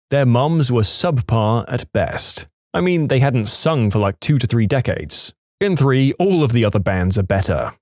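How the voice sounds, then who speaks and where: A male narrator reads reader-submitted stories in a wry, scripted delivery. His pitch moves up and down a lot as he tells them. The recording is close and dry, with no room sound. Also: darkish tone, dry recording. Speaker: story narrator.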